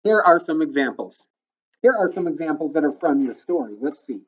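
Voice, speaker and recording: A male elementary school teacher giving a recorded phonics lesson to children, patiently explaining step by step and sounding words out slowly. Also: fairly high pitch, expressive, slightly rough, highs cut off.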